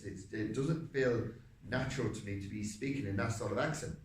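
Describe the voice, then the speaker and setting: A man, an actor, reflecting on his vocal technique, halting and searching for words. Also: fairly low pitch, darkish tone. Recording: roomy, distant mic.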